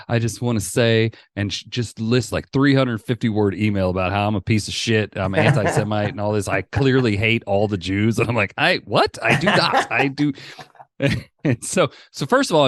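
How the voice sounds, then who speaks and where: A man's voice: medium pitch, dry recording, studio quality. A middle-aged man, a stand-up comedian, telling stories as a guest in a casual, profane interview chat. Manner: profane, animated storyteller.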